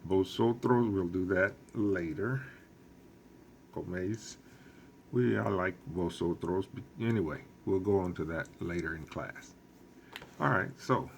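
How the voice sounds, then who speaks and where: A man teaching a recorded lesson as a Spanish teacher, explaining slowly and patiently with lots of repetition. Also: deep voice, gravelly, slight background noise.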